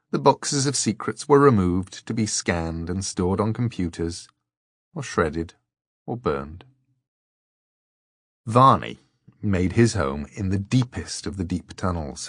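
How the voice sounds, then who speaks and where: Slow, deep-voiced male audiobook narrator. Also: no room sound, studio quality. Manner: measured, deliberate storytelling. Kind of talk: scripted narration.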